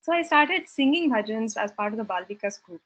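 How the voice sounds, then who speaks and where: Brief: young woman, husky and fairly high, earnest reflective testimony, lo-fi dull sound. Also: expressive, brisk, a bit bright. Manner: earnest, reflective storytelling with hesitant restarts. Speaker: satsang speaker sharing her story. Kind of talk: personal testimony talk.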